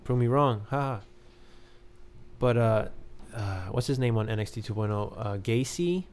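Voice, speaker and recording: A man's voice: medium pitch, moderate pace, darkish tone, a little hiss or hum. A man talking casually and rambling as a podcast host, full of fillers and loose asides. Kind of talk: casual wrestling commentary.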